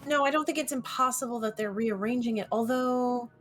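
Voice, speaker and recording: A woman with a fairly high voice chats as a player in a tabletop game, tossing out guesses and agreeing readily. Light music runs in the background. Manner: quick to agree, speculative. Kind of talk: casual chat in a tabletop game.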